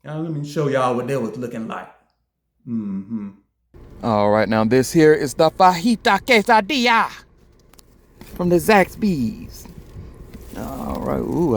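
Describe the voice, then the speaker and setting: A man reviewing fast food in a casual vlog, joking, laughing often and acting out his own lines. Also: mid-range voice, slight background noise. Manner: animated, joking, quick to laugh. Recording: roomy echo.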